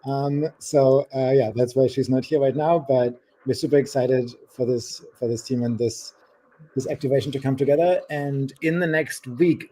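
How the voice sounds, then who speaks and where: Dude with a mellow dark voice giving a laid-back livestream update, kinda hesitant, repeats himself. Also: male voice, medium pitch. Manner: relaxed, hesitant, repeats words. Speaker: guest co-presenter.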